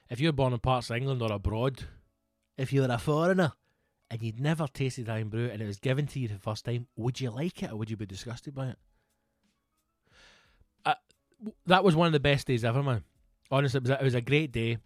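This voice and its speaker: A man's voice: medium pitch, fairly quick, darkish tone, no room sound, clean studio sound, soft background music. A Scottish man in his thirties, swearing freely and rambling through anecdotes in a casual podcast chat. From Scotland. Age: 30s. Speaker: podcast co-host.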